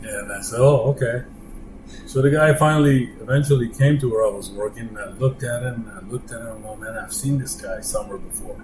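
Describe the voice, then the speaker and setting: A man sharing workplace stories in a plainspoken, halting way, recorded in an echoey room with an air-conditioning hum. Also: fairly low pitch, music in the background. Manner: plainspoken, halting with frequent pauses. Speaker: longtime company employee sharing stories. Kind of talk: casual storytelling.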